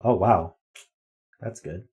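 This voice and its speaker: A man's voice: low-pitched, takes it slowly, dark tone. A man streaming live, chatting casually as he works through word games and thinks aloud with ums and guesses. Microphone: desk microphone.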